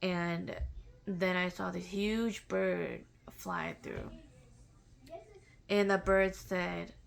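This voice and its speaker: A woman recounts a personal experience in a relaxed, unhurried way, pausing often and restarting her sentences. Her voice sits a little low and carries a strong rough, creaky texture. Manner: halting and reflective, with many fillers and restarts. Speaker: vlogger sharing a personal spiritual story. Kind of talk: casual personal storytelling.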